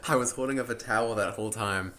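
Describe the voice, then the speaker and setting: A man's voice: on the low side, fast talker, noisy background. A man vlogging at home into a laptop mic, rambling in casual chat with jokey asides and self-interruptions.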